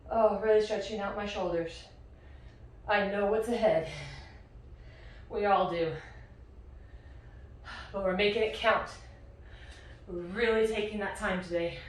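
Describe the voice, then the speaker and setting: A winded fitness instructor leads a home workout, unhurriedly counting each rep and encouraging the listener. Her ordinary-pitched voice stays fairly even, heard from a distance in a very echoey room.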